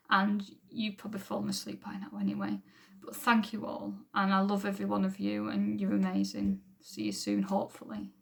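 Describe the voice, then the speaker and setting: Woman, church testimony to camera, gravelly, monotone, earnest and rambling. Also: medium pitch, fairly quick. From England. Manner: earnest, rambling, with frequent ums. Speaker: church member giving testimony. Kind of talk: unrehearsed personal testimony to camera. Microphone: camera recording at home.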